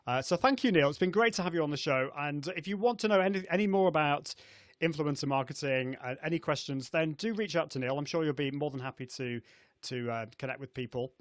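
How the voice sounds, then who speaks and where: Talking quickly in a slightly high voice, a middle-aged man hosts a casual live stream, chatty and laughing often amid plenty of fillers and restarts. His video call setup gives clean studio sound without room sound.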